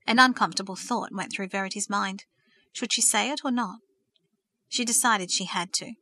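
A woman narrating a story aloud in a steady, expressive manner. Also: medium pitch, normal speed, no echo.

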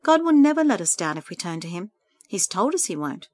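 A woman reading a story aloud, voicing a kind woman friend who speaks gently and encouragingly. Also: fairly low pitch, big pitch swings, fairly quick.

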